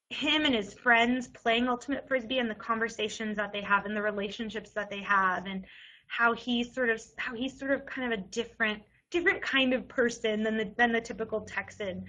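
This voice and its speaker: Bright, chatty young woman giving advice. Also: fairly high pitch, muffled recording. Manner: chatty, lots of "like" and restarts. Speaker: college admissions essay advisor. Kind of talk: casual webinar advice.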